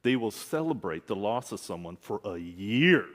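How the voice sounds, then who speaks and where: A man's voice: lowish voice, very animated, normal speed. A man preaching a sermon as a minister, speaking candidly and conversationally with asides. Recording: long hall reverb.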